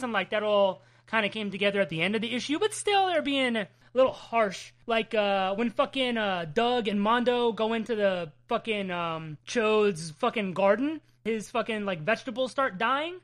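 A high-voiced woman recaps a comic issue in casual chat. She swears constantly and retells the scenes with lively amusement. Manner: profane, laughing, animated storytelling. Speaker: comic book podcast co-host.

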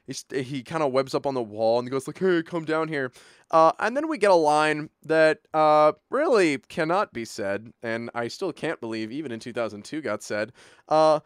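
Young man, casual podcast chat, animated, filler-heavy, slightly high voice. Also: moderate pace, smooth, no echo, studio quality. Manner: animated, lots of filler words, acts out lines. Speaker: podcast co-host recapping a movie.

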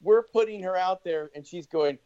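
A man chatting as a guest on a casual podcast, his voice sitting a little high. He rambles, swears, and restarts his sentences often. The sound is dry and slightly dull. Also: normal speed, dark tone, no echo. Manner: loose, swearing, many restarts and voiced asides. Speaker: podcast guest, band member.

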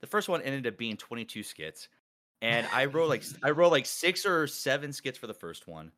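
A man hosting a casual group call, talking excitedly and rambling with many restarts. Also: medium pitch, normal speed. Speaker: podcast host and collab organizer.

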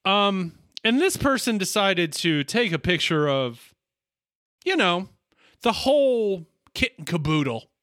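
A man's voice: high voice, very animated, slow pace, a bit bright, no echo. A man co-hosting a podcast in casual chat, playful and joking, telling stories with frequent restarts. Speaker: podcast co-host.

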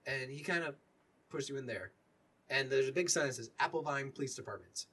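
Husky-voiced man running a tabletop game. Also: medium pitch, a bit bright. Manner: casual, halting, many fillers. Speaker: game master.

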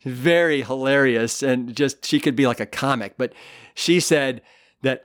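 A man's voice: medium pitch, unhurried, fairly bright tone, no echo, clean studio sound. A man, an author being interviewed, telling stories in an earnest, enthusiastic way with many fillers and restarts. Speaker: author and guest. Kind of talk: conversational storytelling interview.

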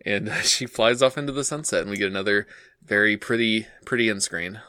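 A man's voice: fairly low pitch, brisk, pushed and bright, no echo, clean studio sound. A man co-hosting a podcast, recapping an anime episode in a laid-back way, laughing often and reading quotes from his notes. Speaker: podcast co-host. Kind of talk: casual episode recap chat.

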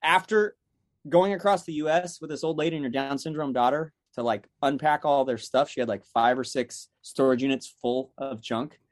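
A young man telling stories in a casual chat, animated, acting out the people he quotes. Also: medium pitch, moderate pace, no room sound, studio quality. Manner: animated, acts out quotes in other voices.

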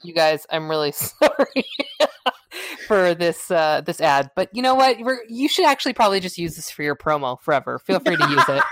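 A woman's voice: fairly low pitch, sing-song, normal speed, a bit bright, dry recording. A woman co-hosting a casual podcast, giggly and stumbling while reading ad copy. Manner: giggly, stumbling over words. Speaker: podcast co-host.

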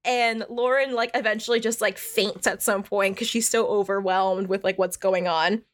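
A woman's voice: medium pitch, fairly even intonation, moderate pace. A woman co-hosting a podcast, casually recapping a story in a chatty manner full of swearing and "like". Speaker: podcast co-host.

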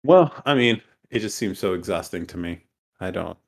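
Deep-voiced man joking around. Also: expressive, moderate pace, creaky. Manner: joking, puts on voices while telling stories. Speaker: podcast host. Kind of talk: casual podcast chat.

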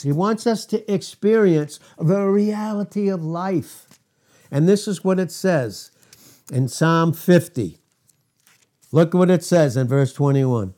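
Quoting scripture with long, drawn-out emphasis, a man gives an emphatic and repetitive sermon, laughing between points. His voice sits high and has a darkish tone.

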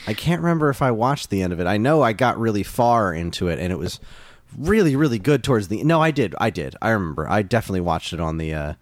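Male co-host, very deep but lively voice, dry sound, wry quips. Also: fast talker, few pauses, no echo. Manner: wry, quips one-liners. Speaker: podcast co-host. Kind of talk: casual chat.

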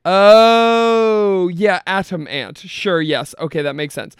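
A man's voice: high voice, slow, clean tone, dry recording, clean studio sound. A man co-hosting a podcast in casual chat, playful and teasing, with some swearing. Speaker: podcast co-host.

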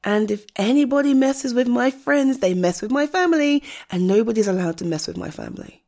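A young woman speaking straight to the listener in a comfort role-play, fiercely protective and indignant, with exasperated sighs and moments that drop to a soft near-whisper. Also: on the high side, lively intonation, a little fast. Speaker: audio role-play creator.

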